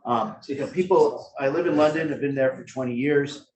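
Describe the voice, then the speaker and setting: A man's voice: mid-range voice, brisk, darkish tone, rough recording. Brooklyn guy on a video call panel, rambly, jokes around, lots of ums. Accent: Brooklyn New York. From Brooklyn, New York. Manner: rambling, jokey, many fillers. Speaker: family office advisor, panelist. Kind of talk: panel discussion.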